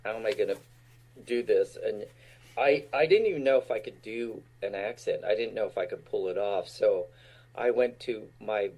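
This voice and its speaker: Gravelly, husky older man telling stories. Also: fairly low pitch, moderate pace, a little mellow. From Utah. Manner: laughs often while recounting stories. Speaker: guest actor. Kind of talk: casual storytelling.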